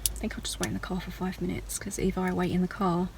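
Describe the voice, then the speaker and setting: A woman's voice: fairly low pitch, level tone, fast, creaky, noisy background. A woman talking through her day in a chatty, rambling vlog diary with self-mocking asides. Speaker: vlogger.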